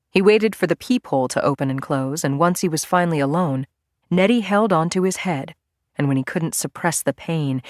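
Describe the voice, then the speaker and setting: A woman reads a thriller audiobook in a low, measured voice. Her narration is steady and even, carrying the tension without rushing. The recording is dry and close-miked. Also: no room sound. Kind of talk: scripted narration.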